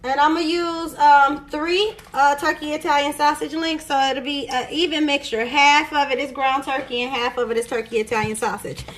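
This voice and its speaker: A woman's voice: high-pitched, fairly even intonation, normal speed, few pauses, fairly bright tone, rough recording. A woman hosting a home cooking video, chatty and explaining each step as she cooks in her kitchen. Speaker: cooking show host. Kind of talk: casual cooking demonstration.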